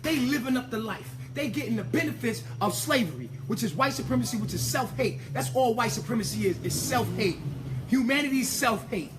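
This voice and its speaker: A man's voice: extremely high pitch, animated, a little fast, noisy background. A man delivering an impassioned, profane monologue, emphatic and ranting, tripping over repeated words as he pushes his point.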